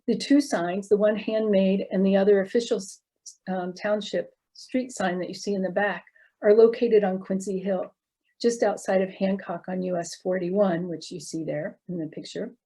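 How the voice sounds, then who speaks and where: Woman lecturer, middle-aged, relaxed darker timbre, explanatory pace with fillers. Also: mid-range voice. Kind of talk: slide presentation lecture. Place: recorded online talk.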